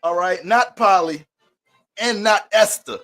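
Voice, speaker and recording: A man's voice: high-pitched, a bit bright. A man hosting an astrology livestream, greeting viewers by name in playful mock-preacher banter.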